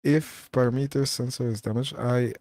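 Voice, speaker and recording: A man's voice: mid-range voice, fairly even intonation, moderate pace, darkish tone, dry recording, clean studio sound. A man hosting a live Q&A stream, chatting casually, laughing often and reading viewer comments aloud.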